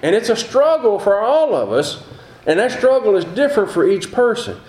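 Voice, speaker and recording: High-voiced older preacher. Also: male voice, very animated, normal speed, a little mellow. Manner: folksy, conversational preaching with rhetorical questions. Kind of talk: sermon. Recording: echoey room.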